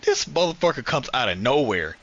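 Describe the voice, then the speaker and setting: Animated, bright-voiced podcast co-host man. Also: mid-range voice, brisk, muffled recording. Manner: animated, swears freely. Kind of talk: casual gaming chat.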